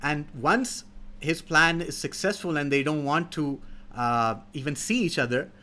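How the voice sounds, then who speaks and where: A man giving a moral talk to young people, telling stories with many fillers and restarts. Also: a little high. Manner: halting, many fillers, animated storyteller. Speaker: speaker in a youth teaching series.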